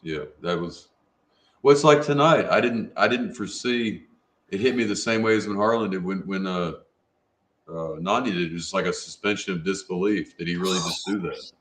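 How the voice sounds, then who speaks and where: A man co-hosting a podcast, talking in a measured, reflective way. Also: deep voice, a bit bright, a little hiss or hum. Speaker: podcast co-host. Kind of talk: casual podcast chat. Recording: roomy echo.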